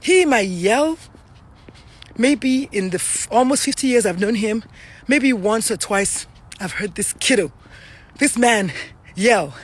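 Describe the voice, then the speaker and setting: A woman's voice: fairly high pitch, expressive, slow pace, pauses often, slightly rough. A middle-aged Nigerian woman talks straight to her viewers in an earnest, chatty way. She is a little out of breath, walking uphill outdoors with her phone. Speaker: parenting coach hosting a live stream. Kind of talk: casual live-stream monologue.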